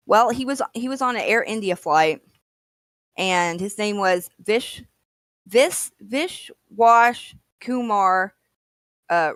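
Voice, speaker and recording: A woman on a casual livestream, speaking hesitantly with halting fillers. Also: medium pitch, fairly bright tone, dry recording.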